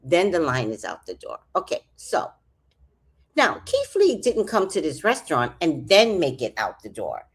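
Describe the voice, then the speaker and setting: A woman's voice: low voice, wildly swooping pitch, moderate pace, slightly rough. A woman chatting casually on a livestream, reading out comments with rambling, profane asides and jokes. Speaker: vlogger.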